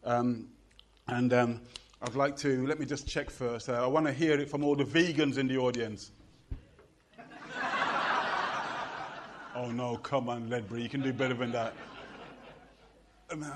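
A man's voice: medium pitch, steady tone, measured pace, long pauses. A middle-aged British man performing poetry to a live audience, with a rhythmic chanting delivery and playful banter with the crowd. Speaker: performance poet.

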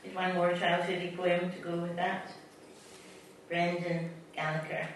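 A woman's voice: on the low side, little pitch movement, unhurried, very noisy. A Scottish woman poet reading her poems to a live audience, with chatty asides between them. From Scotland. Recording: distant mic in an echoey hall.

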